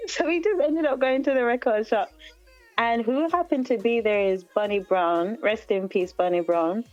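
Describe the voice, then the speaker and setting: A Jamaican woman, a guest singer-songwriter, telling a story in an interview with lively energy, acting out other people's lines and laughing often. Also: medium pitch, a little slow, lo-fi sound, soft background music.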